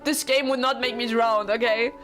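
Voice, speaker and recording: A woman's voice: on the high side, steady tone, normal speed, faint music behind. Emotional young woman streamer. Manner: emotional, dramatic, loud outbursts. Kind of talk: blind visual novel playthrough with reactions and narration.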